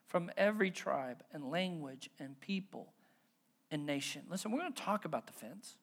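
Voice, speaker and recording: A pastor preaching a sermon in a relaxed, conversational way, telling everyday stories with folksy humor and asking the congregation questions. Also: mid-range voice, moderate pace. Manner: folksy, self-deprecating humor; stumbles and repeats words when driving home a point.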